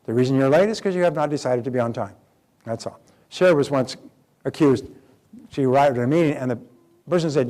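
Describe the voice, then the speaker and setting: A man's voice: mid-range voice, expressive, brisk, pauses often, darkish tone. An older man giving a motivational seminar talk, emphatic and repeating key phrases, acting out quoted dialogue as he goes. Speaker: motivational speaker.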